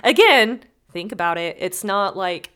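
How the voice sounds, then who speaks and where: A woman hosting a podcast tells a story in casual, animated chat, acting out the characters and the knocks and swearing freely. Her mid-range voice is smooth and measured in pace.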